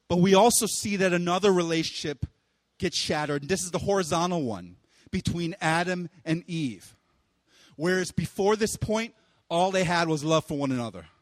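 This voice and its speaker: A young man preaching a casual, animated sermon, with playful asides and loud exclaiming bursts. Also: high-pitched, no room sound, big-room sound. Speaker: pastor.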